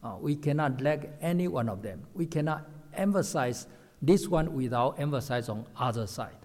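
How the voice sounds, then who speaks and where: A man's voice: fairly high pitch, lively intonation, darkish tone. Preacher guy, lots of uh's, asks questions then answers them, big echoey hall. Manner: halting, many fillers, repeats points, rhetorical questions. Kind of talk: sermon. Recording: echoey hall with long reverb.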